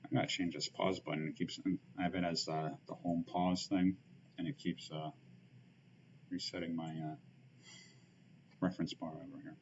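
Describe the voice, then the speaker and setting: Dull lo-fi stream audio with a faint hiss carries a man's casual commentary as he plays a card game, thinking aloud with plenty of fillers and muttered asides. His low voice barely shifts in pitch, moving at a moderate pace with long pauses.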